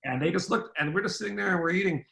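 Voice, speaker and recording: Animated storytelling man, fairly high voice. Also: rapid-fire, vocal fry. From Ireland, raised in the United States. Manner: animated storyteller who acts out quoted voices. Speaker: interview guest, former pro basketball player. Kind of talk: casual storytelling interview.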